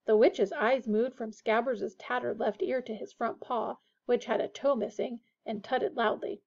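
A woman reading a children's fantasy novel aloud in a steady, expressive way. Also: a little high, a little slow, vocal fry. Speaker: audiobook reader. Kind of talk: storybook narration. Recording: dull lo-fi recording.

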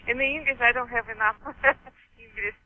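A woman with a Russian accent, answering interview questions in halting English with many pauses and frequent laughs. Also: a little high, lo-fi sound. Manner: hesitant, halting, laughs often. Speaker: author guest.

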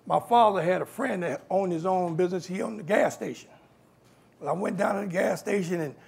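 A man's voice: high-pitched, gravelly, slightly rough. A man, telling stories from his life as a guest speaker and acting out the voices of people in them. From New York. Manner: animated, acts out quoted voices. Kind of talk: storytelling talk.

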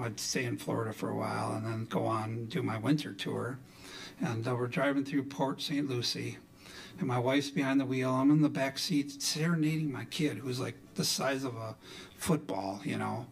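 Folksy rambling storyteller man, gravelly. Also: mid-range voice, fairly even intonation, moderate pace. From Milwaukee, Wisconsin. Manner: rambling, folksy, peppered with "you know". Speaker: folk musician and entertainer. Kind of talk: onstage storytelling between songs.

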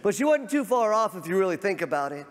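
Preacher, man, fervent and repetitive, slightly high voice, recorded in a reverberant church. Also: sing-song, fast talker. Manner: fervent, repeats words, rises to near shouts. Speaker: pastor. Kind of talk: sermon. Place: large church sanctuary. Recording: long church hall reverb.

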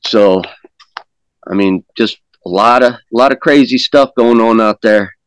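A man's voice: lowish voice, a little slow, no room sound, low-quality recording. Rambling folksy man, dry close sound. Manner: rambling, repeats words and restarts often; folksy, plain-spoken grammar. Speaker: guest recounting an encounter. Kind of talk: casual storytelling.

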